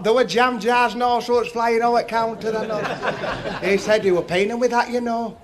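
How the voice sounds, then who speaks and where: A man's voice: extremely high pitch, a little slow, background noise. A man with a Northern English accent telling stand-up jokes in a chatty, folksy dialect before a live audience. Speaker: stand-up comedian.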